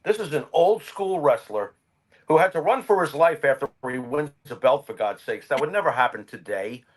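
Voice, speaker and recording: A man's voice: a little high, expressive, moderate pace, poor audio. An older man co-hosting a wrestling interview show, asking questions in an emphatic, rambling way. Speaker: podcast co-host. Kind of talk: conversational interview.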